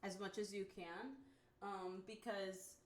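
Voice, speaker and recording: A woman's voice: medium pitch, little pitch movement, takes it slowly. A woman hosting a casual live stream, answering fan questions with a hesitant, laughing manner. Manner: laughing, hesitant with many ums. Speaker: streamer and show creator.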